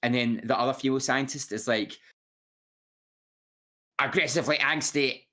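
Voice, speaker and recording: Male podcast co-host, mid pitch, rambling casual chat. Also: level tone, fast talker, a bit bright. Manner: rambling, full of restarts and fillers.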